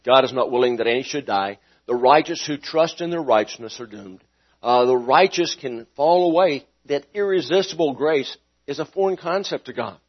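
A man preaching a sermon, swinging between loud emphatic lines and quiet ones, and asking his listeners questions. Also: medium pitch. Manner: dynamic preaching with sharp rises and drops in volume; asks the congregation questions. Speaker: pastor. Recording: dull lo-fi sound.

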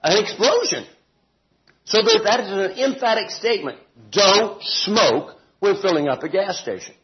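A man teaching a Bible study group in an informal, deliberate way, stressing words and adding homely asides and self-corrections. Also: high-pitched, animated, lo-fi sound.

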